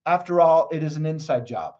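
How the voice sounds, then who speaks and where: A man's voice: on the high side, expressive, brisk, muffled recording. A man who is a mindset coach, talking as a guest in a conversational interview, enthusiastic and motivational as he tells stories.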